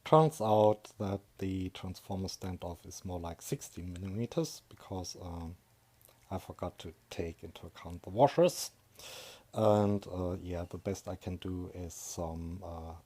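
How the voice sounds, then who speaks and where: A man talking through a workshop repair project, thinking aloud in a hesitant, low-key way with many pauses and fillers. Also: mellow, husky. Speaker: electronics hobbyist. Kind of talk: workshop voice-over talk.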